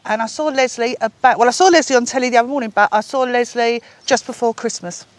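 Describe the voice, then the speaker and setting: A woman's voice: on the high side, quick pace, dry recording. A middle-aged woman from England, a chatty, self-deprecating actress guest in a studio interview who laughs often.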